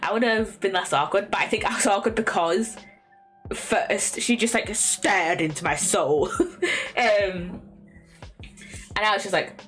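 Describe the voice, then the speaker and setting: Her mid-range voice is unhurried and a bit bright as this young woman streams casual chat from her bedroom. The talk wanders, packed with fillers, restarts and small laughs, over faint lo-fi music.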